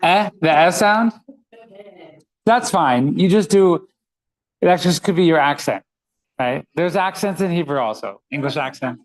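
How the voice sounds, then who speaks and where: A man's voice: fairly high pitch, animated, moderate pace, pauses often, rough recording. A man teaching a reading class, patiently sounding out letters and words one by one for his students. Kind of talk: classroom lesson.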